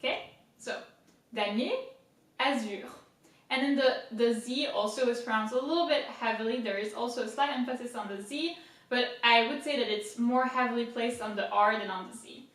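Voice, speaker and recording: A woman's voice: a little high, fairly quick, fairly bright tone. A woman giving a casual video lesson on French pronunciation, patiently spelling words out syllable by syllable with light self-mocking humor. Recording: very echoey room, voice from a distance.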